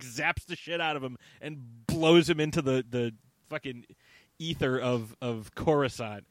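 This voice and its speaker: A man hosting a casual chat, rambling and swearing as he recaps a film. He acts out characters in quick bursts. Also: fairly bright tone, no room sound. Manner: rambling, profane, acts out characters with big pitch jumps. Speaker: podcast host.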